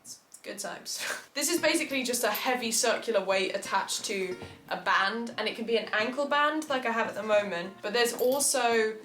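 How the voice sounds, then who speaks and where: A young woman in her twenties vlogs with an easy, self-mocking chattiness, laughing often at her own expense. Her voice sits a little high. The room is echoey, and a soft guitar plays faintly in the background. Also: normal speed. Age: 20s. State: out of breath while exercising. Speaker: vlogger. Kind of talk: casual vlog commentary. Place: home room during a workout.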